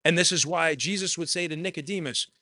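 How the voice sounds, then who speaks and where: A man's voice: on the high side, a little fast, pushed and bright, no echo. A man preaching a sermon, earnest and personal, repeating phrases for emphasis. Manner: shares personal testimony.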